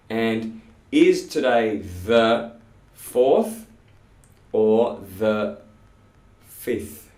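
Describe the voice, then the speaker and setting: A man teaching English pronunciation in a classroom, slowly drilling sounds and words with lots of repetition. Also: fairly low pitch, lively intonation, a little mellow. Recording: echoey room, voice from far off.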